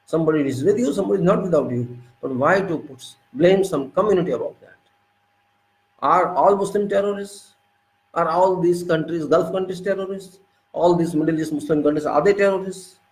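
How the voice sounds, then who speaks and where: Indian English man, fairly high voice, indignant lecturing monologue, echoey room. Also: brisk. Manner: indignant, lecturing, repeating rhetorical questions. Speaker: political commentator. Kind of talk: spoken political monologue.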